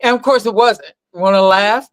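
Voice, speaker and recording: Animated older woman telling a story. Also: medium pitch, normal speed, no echo. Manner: animated storyteller, acts out quoted voices. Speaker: guest, mother of the host. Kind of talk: storytelling in casual conversation.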